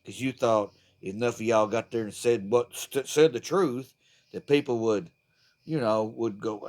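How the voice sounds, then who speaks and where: A man's voice: mid-range voice, normal speed, darkish tone. A man delivering a profane, fired-up, rambling political rant to the camera. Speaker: vlogger.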